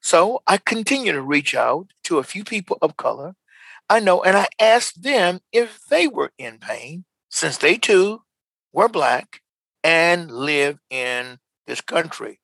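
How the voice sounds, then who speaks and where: A man's voice: a little high, animated, unhurried, creaky, sharp tone, husky, no echo, poor audio. A man preaching a sermon emphatically, repeating key lines and calling on listeners to respond.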